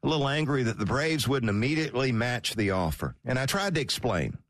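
Animated sports radio host. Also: male voice, mid-range voice, brisk, no room sound, studio quality. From Georgia, US. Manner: animated, wry, chatty. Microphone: studio mic.

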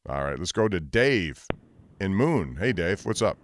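A man's voice: low voice, sing-song, a little slow. A man hosting a call-in sports radio show, blunt and opinionated, pushing back on callers. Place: radio studio.

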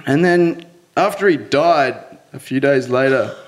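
A man's voice: mid-range voice, unhurried. Man telling a personal story. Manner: earnest, breaks into nervous laughs.

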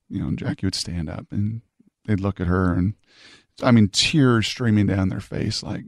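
A middle-aged man hosts an interview, carrying his stories with animated emphasis. His voice sits a little low with a gravelly, creaky edge. It is recorded close and dry, with no room sound. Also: moderate pace, no echo. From Puyallup, Washington, USA. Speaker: host. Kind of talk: conversational storytelling interview.

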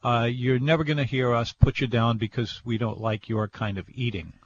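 An older man hosting a food radio show, talking casually and halting often with "uh". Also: medium pitch, steady tone, a little hiss or hum. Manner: rambling, halting with many uhs. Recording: dull, lo-fi radio broadcast.

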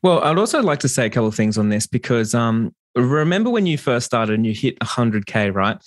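A man hosting a casual podcast, telling a relaxed story about his business. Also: medium pitch, fairly quick, no echo, studio quality.

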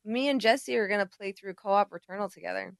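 A woman's voice: medium pitch, fairly quick, creaky, no echo. Tired woman chatting casually, dry sound. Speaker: podcast guest and streamer. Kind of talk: casual chat.

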